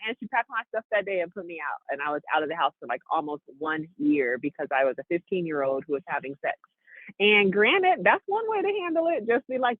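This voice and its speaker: A woman from Seattle co-hosting a podcast, telling stories in an animated way and laughing often. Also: lowish voice, brisk, no room sound. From Seattle, USA. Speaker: podcast co-host. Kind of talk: casual chat. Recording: dry, tinny phone-like line.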